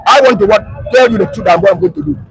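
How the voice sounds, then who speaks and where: A man with a Nigerian Pidgin English accent arguing politics loudly and insistently on a street, talking over interruptions. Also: sits high, animated, very fast, poor audio. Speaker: street debater. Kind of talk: heated street political debate.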